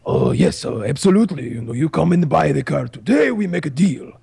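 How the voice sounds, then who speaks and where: A man voicing an abrupt, halting middle-aged car salesman. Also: fairly high pitch, wildly swooping pitch, vocal fry, dark tone, slightly rough, no echo, full character voice. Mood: eager.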